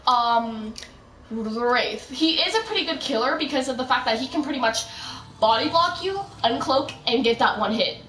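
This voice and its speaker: A woman's voice: high voice, expressive, fairly bright tone, distant mic, slight background noise. Chatty young woman gaming, roomy echo. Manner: rambling, chatty, quick asides. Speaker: gaming streamer. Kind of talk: casual gameplay commentary. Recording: roomy echo, voice set back from mic, faint music.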